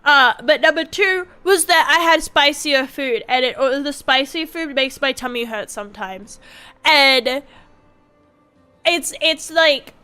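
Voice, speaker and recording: A young woman streamer ranting casually and profanely to her chat, animated and exasperated. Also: sits high, measured pace, soft background music.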